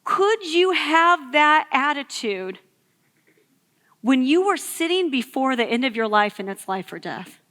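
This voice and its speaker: Woman in her thirties, youth sermon, chatty storyteller, high bright voice, echoey hall. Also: big pitch swings, measured pace. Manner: storytelling, conversational with many fillers. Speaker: youth ministry speaker. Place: church hall.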